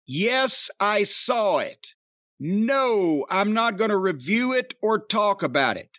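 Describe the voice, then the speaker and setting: A man hosting a podcast in casual, profane, rambling chat, his voice getting hoarse. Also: high-pitched, slow pace, no room sound, highs cut off. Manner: rambling, animated storyteller, profane. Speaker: podcast host.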